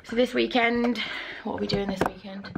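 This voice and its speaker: A woman's voice: on the high side, steady tone, moderate pace, vocal fry, noisy background. A young woman and mum chatting frankly in a home vlog, casual, sometimes swearing and a little out of breath. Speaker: vlogger and mum. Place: family house indoors.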